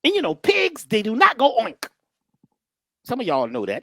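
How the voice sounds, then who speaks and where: A lively, folksy man talks in a storytelling way, his pitch swinging widely from phrase to phrase. He jokes and preaches in turns. The sound is close and dry with no room echo. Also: moderate pace. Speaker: guest speaker. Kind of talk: animated storytelling talk.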